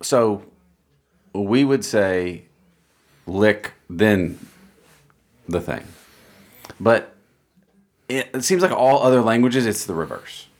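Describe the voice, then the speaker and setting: A low-pitched American man with a husky, slightly rough voice, co-hosting a casual podcast. He rambles loosely, swears often and laughs at his own jokes. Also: expressive, slow, long pauses. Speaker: podcast co-host.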